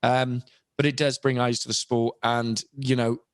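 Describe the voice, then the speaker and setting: A young British man talks openly and chattily in a casual podcast interview, often restarting his sentences. His voice sits at a middling pitch and the sound is dry and close, with no room around it. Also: little pitch movement, normal speed, no room sound. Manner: chatty, candid, many restarts and asides. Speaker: voice actor and impressionist, podcast guest. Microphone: podcast microphone.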